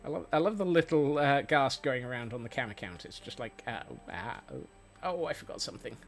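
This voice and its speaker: A man's voice: mid-range voice, animated, brisk, vocal fry. A man chatting casually while streaming a game, rambling and playful, with many fillers and restarts. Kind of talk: casual gameplay chat. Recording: faint music behind.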